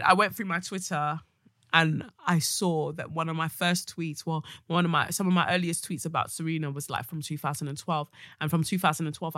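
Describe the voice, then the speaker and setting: A woman hosting a solo podcast, blunt, outspoken and sweary, with sudden loud bursts of emphasis. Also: low-pitched, no echo, clean studio sound. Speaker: podcast host. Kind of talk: casual solo podcast monologue.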